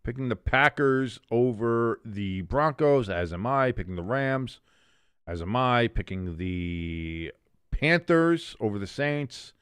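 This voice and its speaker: A man hosting a casual sports preview, running through his picks in an animated, jokey, chatty way. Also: mid-range voice, slow, clean tone, dry recording, studio quality. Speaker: sports show host.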